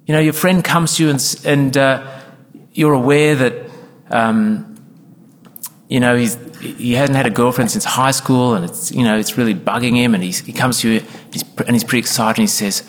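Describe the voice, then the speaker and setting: A man's voice: medium pitch, normal speed. A man preaching a sermon as pastor, earnest and emphatic, sometimes acting out quoted congregation members. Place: church. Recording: church hall with long reverb.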